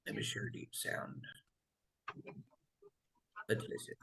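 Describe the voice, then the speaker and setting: A man gives a one-on-one English lesson over a video call, patiently repeating words for his student. He takes it slowly in a voice that's a bit bright, and the recording has a roomy echo.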